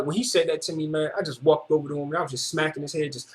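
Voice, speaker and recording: A man with a notably high voice recounts a personal story in casual street slang. He repeats phrases for emphasis and speaks emphatically, like a testimony video. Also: racing, hardly any pauses.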